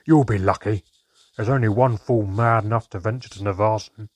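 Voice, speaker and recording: A man voicing a rough, unkind male dwarf with a huge beard, speaking curtly in a storybook reading. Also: fairly low pitch, normal speed, a little mellow, dry recording, lightly acted. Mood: scoffing. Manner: gruff, curt, scoffing.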